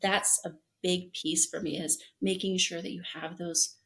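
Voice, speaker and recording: A middle-aged woman guest on an interview podcast, speaking in an animated, storytelling way and often acting out quotes. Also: on the low side, a little slow, gravelly.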